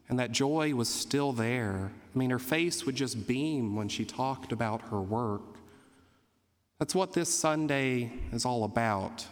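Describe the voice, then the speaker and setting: Priest giving a homily in a reverberant church. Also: male voice, medium pitch. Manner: storytelling, gently humorous. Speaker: Catholic priest. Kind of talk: sermon.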